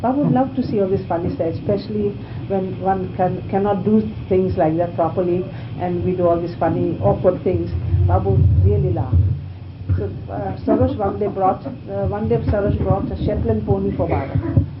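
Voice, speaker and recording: An older woman recalling a story from her past in a lively way, growing louder and more excited as she tells it. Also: medium pitch, normal speed. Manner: lively, grows excited and loud when recalling the scare. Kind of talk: reminiscing anecdote. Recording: muffled, noisy archive recording.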